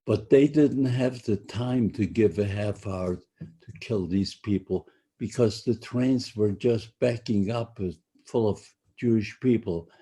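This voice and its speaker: An older man speaks slowly in a husky, mellow voice as he gives his testimony to students. He often halts, repeats himself and restarts his phrases. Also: lowish voice. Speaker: Holocaust survivor speaker.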